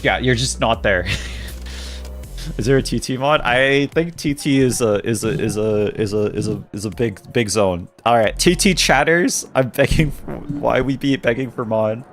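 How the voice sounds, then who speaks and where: A man's voice: mid-range voice, unhurried, faint music behind. A man live-streaming a game, chatting casually with his viewers in a playful, teasing, mock-dramatic way.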